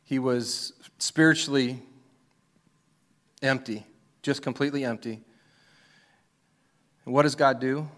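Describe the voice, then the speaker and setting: A man preaching a sermon as pastor, retelling a scripture story and acting out its scenes, dropping to a whisper for the quiet moments. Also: medium pitch, steady tone, slow pace, pauses often.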